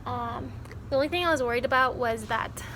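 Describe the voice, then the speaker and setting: Here a kindergarten teacher in her twenties rambles casually to a handheld phone or camera, shot at arm's length in her classroom and car, using fillers and correcting herself as she vlogs. Her voice sits a little high and moves fairly quickly over a noisy background.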